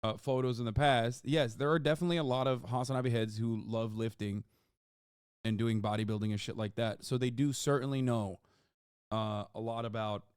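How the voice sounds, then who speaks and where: A man streaming a video reaction, joking loudly with profanity as he talks to his chat. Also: fairly low pitch, clean tone, dry recording, studio quality. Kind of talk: casual livestream reaction talk.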